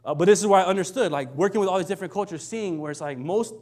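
A young adult man, a minister, delivers a conversational sermon in a high-pitched, rapid-fire voice with a slightly mellow quality. He keeps checking in with "right?" and acts out quoted lines in shifting voices.

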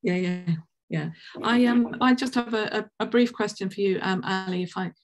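A woman's voice: mid-range voice, normal speed, noisy background. A woman hosting and chairing a Q&A at an online science seminar, talking with many ums and restarts over a video call. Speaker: session chair and host.

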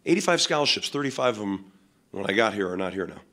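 A man's voice: lowish voice, big pitch swings, fast talker, bright, forceful tone. A man, a head football coach, answering questions at a post-game press conference in a blunt, emphatic way, with many fillers.

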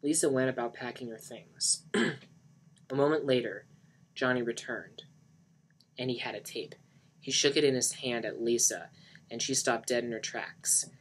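A man's voice: mid-range voice, measured pace, long pauses, a little hiss or hum. A man narrating a novel aloud in a dramatic book reading, with occasional slips. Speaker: reader of a novel.

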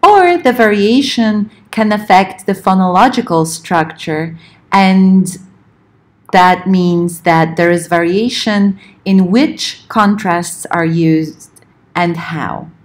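A woman lecturing on linguistics, explaining points in a measured way and slowing down to spell out examples. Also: mid-range voice. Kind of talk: recorded lecture.

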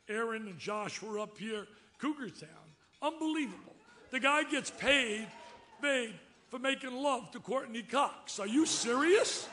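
Brief: man in his 70s, high-pitched and bright, loud and exclamatory award speech. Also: slight background noise. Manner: excitable, loud, storytelling, exclamatory. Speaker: award recipient giving a speech. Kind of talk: lively acceptance speech.

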